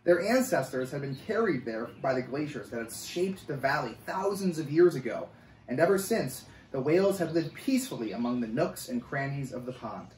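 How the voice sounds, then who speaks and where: A man's voice: medium pitch, normal speed, distant mic, a little hiss or hum. Man reading a storybook in an echoey room. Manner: animated, expressive reading. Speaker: camp coordinator reading a story. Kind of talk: storybook read-aloud.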